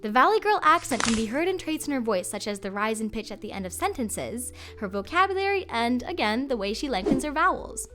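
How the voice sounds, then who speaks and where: A woman's voice: fairly high pitch, very animated, brisk, few pauses, fairly bright tone, faint music behind. A woman hosting a voice-acting tutorial, explaining things in an upbeat, chatty way. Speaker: voice coach host.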